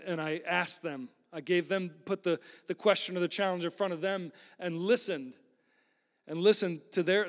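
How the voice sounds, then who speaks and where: A man preaching a sermon in a loose, conversational way, often repeating words and restarting. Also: high voice. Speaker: pastor. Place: church sanctuary. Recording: long hall reverb.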